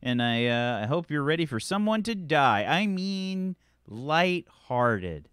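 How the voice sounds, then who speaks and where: A man's voice: on the high side, expressive, moderate pace, a bit bright, clean tone, dry recording, clean studio sound. A man hosting and running a tabletop game, chatting casually and teasing his players with lots of laughter. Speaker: game master and host. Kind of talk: casual show intro chat.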